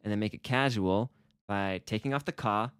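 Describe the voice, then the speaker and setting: A man with a low voice co-hosts a relaxed Japanese lesson podcast. He explains with playful energy and acts out example phrases. The sound is close and dry, with no room echo. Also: normal speed, clear, resonant tone. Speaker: co-host teaching Japanese. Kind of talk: casual language lesson podcast.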